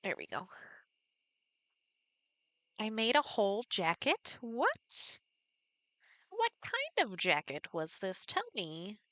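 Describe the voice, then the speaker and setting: Slow, chatty woman streamer. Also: mid-range voice, huge pitch swings, bright, forceful tone, dry recording. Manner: chatty, thinking aloud, greeting viewers, giggly. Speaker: live streamer. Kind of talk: casual chat while streaming a farming game.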